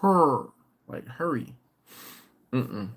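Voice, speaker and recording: A man's voice: mid-range voice, sing-song, very slow, breathy edge. A tired middle-aged man hosting a casual late-night live stream, chuckling and bantering in a laid-back, slangy way as he reads viewer comments. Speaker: barbecue channel host.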